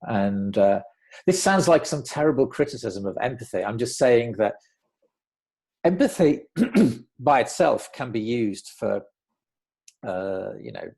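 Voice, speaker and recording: A man who is an author, speaking as a guest in a conversational interview in a measured, reflective way. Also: mid-range voice, animated, creaky, darkish tone.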